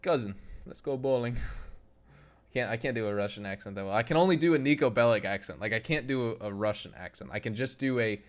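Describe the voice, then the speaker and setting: A man's voice: lowish voice, lively intonation, fairly quick. A young adult man hosting a casual game live stream. He reads out and answers chat in a loose, joking way and laughs often. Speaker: gaming streamer.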